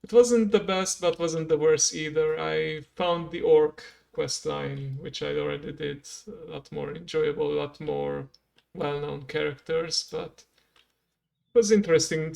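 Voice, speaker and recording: A game streamer giving relaxed, rambling commentary while playing and chatting with viewers. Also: medium pitch, vocal fry. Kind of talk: casual gameplay commentary.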